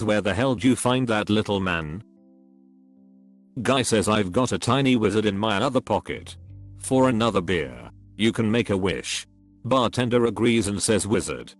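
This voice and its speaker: A man with a fairly low voice narrates a string of jokes in a scripted read. His pitch swings up and down, lively rather than flat. Soft music sits faintly under him. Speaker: narrator of a reddit joke compilation.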